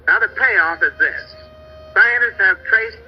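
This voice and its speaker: Middle-aged guy doing an old slide-show travel talk, higher voice, dull old tape sound, folksy. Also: unhurried, slight background noise. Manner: folksy, pointing out pictures, hunting for names. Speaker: travel lecturer narrating slides.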